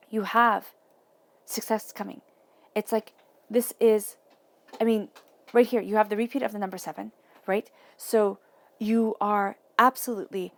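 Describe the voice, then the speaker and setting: A woman giving an intuitive tarot reading, earnest and emotional, speaking softly through affirmations and restarting her thoughts often. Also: medium pitch, gravelly. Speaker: tarot reader.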